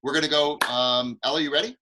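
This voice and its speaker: A man's voice: a little high, steady tone, fast talker, sharp tone, slight background noise, low-quality recording. A man hosting an online acting class over a video call, enthusiastic and encouraging.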